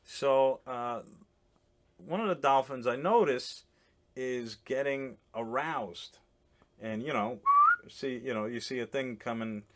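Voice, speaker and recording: A man in casual chat on a podcast, telling a rambling comic story with restarts and quick laughs. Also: medium pitch. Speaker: comedian guest. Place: boat in a harbor.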